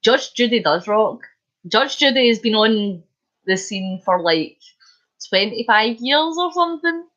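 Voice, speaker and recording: A bubbly Scottish woman chats with viewers during a live stream, her voice sitting a little higher than usual. The sound is dull and lo-fi, like a home stream. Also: animated, a little slow, fairly bright tone. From Scotland. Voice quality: bubbly, chatty, laughs often. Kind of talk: casual live-stream chat.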